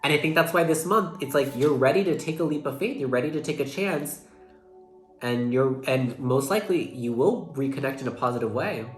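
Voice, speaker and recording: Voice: medium pitch, lively intonation, a little fast. A young adult tarot reader giving a casual, emotional monthly reading, talking earnestly, swearing casually and saying "like" a lot. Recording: echoey room with faint music behind. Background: faint background music.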